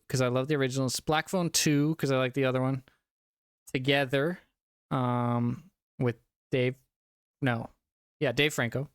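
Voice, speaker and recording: Young man, streamer, casual movie chat, slightly tipsy, rambling, profane, laughing often, mid-pitched, dry room. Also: no echo. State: a little tipsy from drinking.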